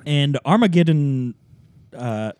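A man in casual banter, his pitch fairly high and swinging widely as he jokes and laughs. The sound is dry and close, with no room around it. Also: slow pace, no echo. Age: adult, married. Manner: animated, playful, laughs often. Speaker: podcast co-host.

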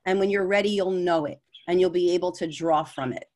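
A woman's voice: lowish voice, a little fast, a little mellow. A woman with a New York accent, a sales coach guest on a podcast, giving earnest advice and often repeating words as she searches for phrasing. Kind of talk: candid interview conversation.

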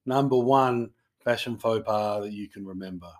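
A man's voice: on the low side, moderate pace. A young Australian man co-hosting a casual podcast, trading laid-back jokes and banter. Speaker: podcast co-host.

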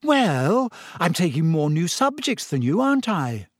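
A man's voice: a little high, big pitch swings, a little slow, dry recording, voice pushed up. Bookish teen witch, serious and clipped, read by a male narrator, dry close mic. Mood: earnest. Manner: sharp, earnest. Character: earnest teenage boy, know-it-all witch. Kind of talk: audiobook character voice.

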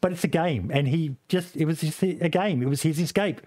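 Speaking briskly in a fairly high, darkish voice, a man streamer chats loosely about games on a podcast. His talk is rambling and profane, packed with fillers and restarts.

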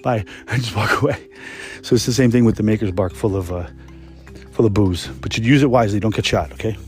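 Over music, a fast-talking young man with a fairly low voice spins work stories on his podcast. He's a restaurant cook, and his solo storytelling is casual, rambling, profane and relaxed.

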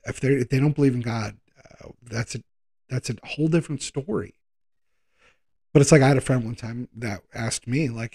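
A man preaching a sermon in a conversational way, slowing down for emphasis and speeding through quick asides. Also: mid-range voice, darkish tone. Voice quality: gravelly, husky voice.

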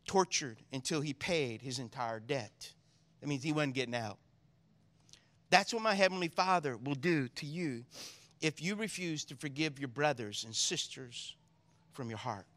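A man preaching a sermon as pastor, drawing in the congregation with call-and-response asides, moving between quiet solemn reading and loud excited preaching. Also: fairly high pitch, normal speed.

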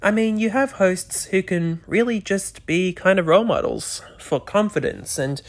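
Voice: medium pitch, animated, moderate pace. Solo podcaster just rambling into a mic, lots of restarts, words kinda slurry. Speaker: podcast host. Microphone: podcast microphone.

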